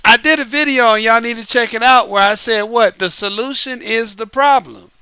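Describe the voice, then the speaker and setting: A man hosting his own show as an author, giving a casual, lively monologue, repeating himself and laughing often. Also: very high-pitched, moderate pace, clean tone, no room sound. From United States. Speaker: podcast host and author. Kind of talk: casual late-night monologue. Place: Southern California.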